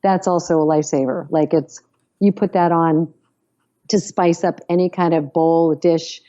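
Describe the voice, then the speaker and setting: A woman guest on a podcast with a mellow, slightly low voice. She talks casually and with enthusiasm, praising things emphatically. Her audio sounds dull and lo-fi. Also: steady tone, moderate pace. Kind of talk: casual conversation.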